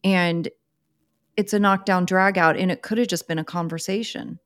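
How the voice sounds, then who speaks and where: A woman's voice: lowish voice, steady tone, normal speed, fairly bright tone, no room sound, studio quality. Earnest woman co-hosting a talk. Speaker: podcast co-host. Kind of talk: casual conversation.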